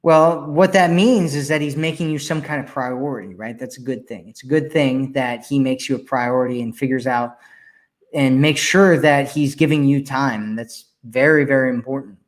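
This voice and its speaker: A man's voice: medium pitch, fairly even intonation, moderate pace. A man hosting a live question-and-answer stream as a dating coach, reading viewer comments aloud and answering them emphatically, repeating his key points.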